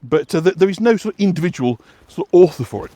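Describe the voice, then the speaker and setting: A man from West Yorkshire talks casually while walking outdoors along a path. His voice sits a little high and swings up and down a lot, and he rambles with many fillers and restarts. The sound is dry and close. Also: expressive, fast talker, dark tone, dry recording. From West Yorkshire, England. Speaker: walking guide and vlog host.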